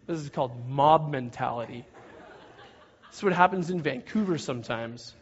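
A man preaching, telling a story in an animated way and shouting out parts of it. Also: medium pitch, moderate pace, slightly rough. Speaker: pastor. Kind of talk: sermon storytelling. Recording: dull lo-fi recording.

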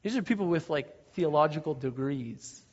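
A man preaching, telling a story in an animated way and shouting out parts of it. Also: a little high, normal speed, breathy edge. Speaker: pastor. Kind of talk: sermon storytelling. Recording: dull lo-fi recording.

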